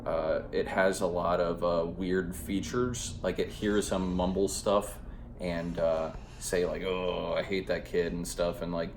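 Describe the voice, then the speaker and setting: Casting: man with a very low voice, loose, rambling and profane movie review, recorded in an echoey room. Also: steady tone, a little slow, noisy background. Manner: rambling and profane, heavy on fillers. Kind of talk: casual spoken movie review.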